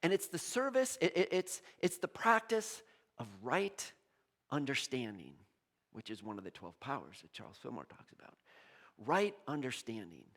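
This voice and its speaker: A man preaching a sermon as pastor in a church, animated, acting out quoted voices and joking with the congregation. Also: medium pitch, moderate pace.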